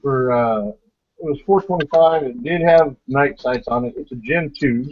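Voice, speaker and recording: This podcast host, medium-pitched and speaking at normal speed, rambles bluntly and swears during a casual pre-show chat. He's on an online voice call that sounds dull and lo-fi, with a little hiss or hum.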